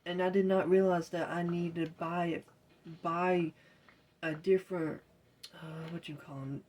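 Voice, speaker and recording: A woman's voice: lowish voice, steady tone, measured pace, darkish tone. Exasperated woman rambling through a story. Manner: rambling, exasperated retelling with quoted self-talk. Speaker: vlogger. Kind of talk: casual storytelling while gaming.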